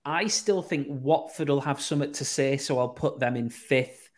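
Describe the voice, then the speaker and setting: A man's voice: medium pitch, normal speed. Chatty man telling stories. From Teesside, England. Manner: animated storyteller, acts out quoted voices. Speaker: radio presenter, podcast guest. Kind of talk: casual anecdotal chat.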